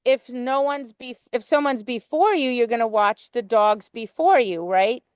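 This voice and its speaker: A woman's voice: a little high, measured pace, smooth, no room sound. A woman dog obedience trainer coaching a student, blunt and emphatic, cursing casually.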